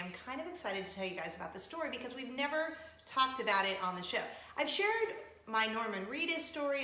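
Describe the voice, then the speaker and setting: A woman's voice: on the high side, bright, forceful tone. A woman, hosting a casual weekly coffee chat and retelling everyday mishaps with self-mocking drama. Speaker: host of a weekly coffee talk show. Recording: roomy echo with faint room noise.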